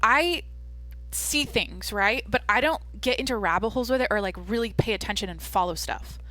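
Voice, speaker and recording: A young woman hosts her own podcast in a casual, rambling chat full of fillers and deadpan jokes. Her voice is bright and lively in tone. The recording is dry and close, with no room sound. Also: mid-range voice, normal speed, no echo. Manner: rambling, jokey, lots of "like" and "um"; self-described deadpan. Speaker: podcast host.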